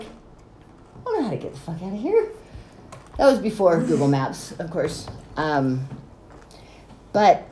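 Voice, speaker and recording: A woman's voice: mid-range voice, warm tone. A woman telling stories in casual chat, swearing freely and laughing between lines. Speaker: storyteller. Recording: echoey room with faint noise.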